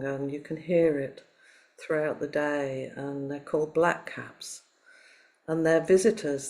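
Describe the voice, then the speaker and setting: A woman from Liverpool, without a Liverpool accent, giving a Zen dharma talk in a reflective, gentle way with many pauses. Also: sits low. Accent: none, not Liverpool; Southern English. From Liverpool, England.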